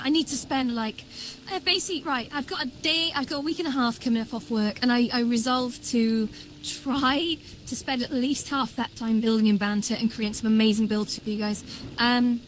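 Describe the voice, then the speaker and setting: A woman livestreamer giving excitable building commentary, thinking aloud with lots of fillers. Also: on the high side, slight background noise, poor audio. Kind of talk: live-streamed world-building commentary.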